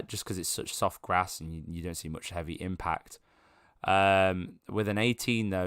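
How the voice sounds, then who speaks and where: A man narrating a tabletop game as game master, describing scenes in a relaxed way with many fillers. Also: low voice, clean tone, no echo, studio quality.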